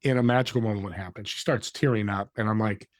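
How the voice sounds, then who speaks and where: A man guest on a podcast, telling a story in an animated way and acting out the dialogue. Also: fairly low pitch, fast talker, no echo, studio quality. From California.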